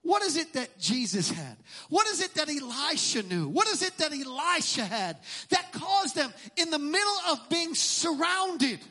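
A middle-aged man preaches a sermon in a church, with a very high voice and a sharp, bright edge. He is emphatic and rises to shouts at key points. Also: big pitch swings, measured pace, few pauses. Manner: emphatic preaching, sometimes shouting, acts out quotes. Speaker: pastor.

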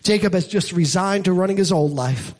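A man preaching a sermon, with rhythmic repetition building to loud, dramatic peaks. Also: high-pitched, fairly quick. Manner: preaching with dramatic acted-out scenes and shouted peaks. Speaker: pastor.

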